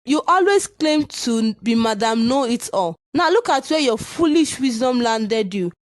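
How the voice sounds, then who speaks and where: A woman's voice: on the high side, animated, unhurried, dry recording, studio quality. A woman voicing a blunt young friend in a cartoon who scolds sharply. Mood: scolding. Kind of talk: cartoon voice acting.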